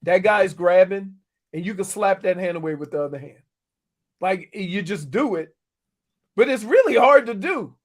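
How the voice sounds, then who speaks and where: Man, middle-aged, sports radio co-host, high-pitched, animated, laughs a lot. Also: moderate pace. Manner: animated storytelling, laughs often. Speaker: sports radio co-host, former NFL player. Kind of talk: casual sports talk.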